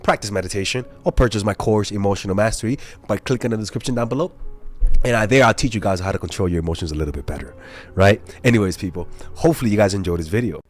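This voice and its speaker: A young man, a dating coach, talking casually and bluntly to camera, swearing freely and telling stories with animated energy. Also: on the low side, racing, soft background music. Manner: blunt, profane, animated storytelling.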